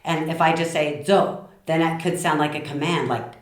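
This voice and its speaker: Middle-aged woman, low voice, passionate talk to camera in an echoey room. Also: fairly quick. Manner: passionate, lively, acts out little quoted lines. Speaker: speaker giving communication tips.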